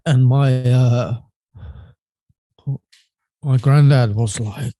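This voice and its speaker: A man telling a personal story as a podcast guest, halting and hesitant, often trailing off quietly. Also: mid-range voice, no room sound.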